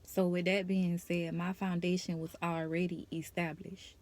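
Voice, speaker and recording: A woman's voice: fairly low pitch, flat delivery, normal speed, a little mellow. A young woman vlogger speaking her personal testimony to camera, nervous and emotional, in a casual conversational way.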